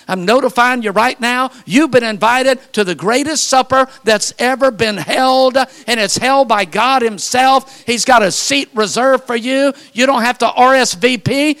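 Older man, preacher, sermon, very high voice, sharp bright tone, fervent, storytelling. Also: moderate pace, hardly any pauses. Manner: fervent, rising to shouted calls; folksy storytelling with repeated phrases.

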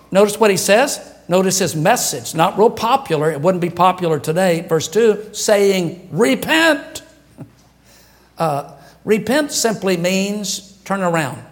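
A man with a high voice preaches from the pulpit of a church. He keeps it conversational and jokey, chuckling at his own asides before driving his point home. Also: lively intonation, measured pace. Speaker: pastor. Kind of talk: sermon. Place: church sanctuary.

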